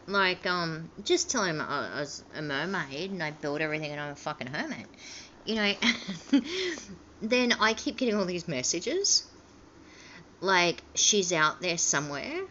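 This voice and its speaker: A woman's voice: fairly low pitch, lively intonation, measured pace, pushed and bright, lo-fi sound, a little hiss or hum. A woman talking in a rambling monologue, filling her sentences with ums and likes and acting out both sides of past conversations. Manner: rambling, meandering with many fillers. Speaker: vlogger.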